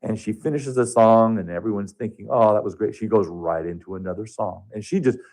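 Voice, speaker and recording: A man telling a personal story as a guest on a radio talk show, earnest and halting, often restarting his sentences. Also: lowish voice, a little mellow. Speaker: radio guest, hospice touch therapist.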